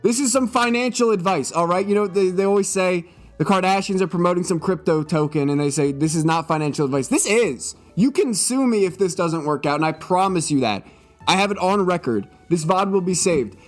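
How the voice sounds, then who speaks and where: Animated joking male streamer, slightly tipsy. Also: sits high, brisk, faint music behind. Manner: joking, swearing, mock-serious. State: a little tipsy. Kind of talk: comedic live-stream monologue.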